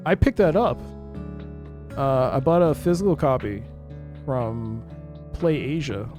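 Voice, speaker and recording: A streamer giving live gameplay commentary, exasperated, shouting and laughing at the game. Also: mid-range voice.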